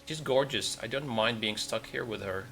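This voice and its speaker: A man's voice: mid-range voice, moderate pace, over music, close to an everyday voice. A man reading game dialogue aloud, voicing a shifty middle-aged man who is smug and pushy.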